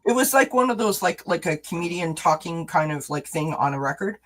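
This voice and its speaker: A woman's voice: on the low side, lively intonation, a little fast, slight background noise, low-quality recording. Woman co-host, casual live-stream chat, playful and giggly, tells stories. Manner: chatty, giggly, playful storyteller. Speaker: co-host tarot reader.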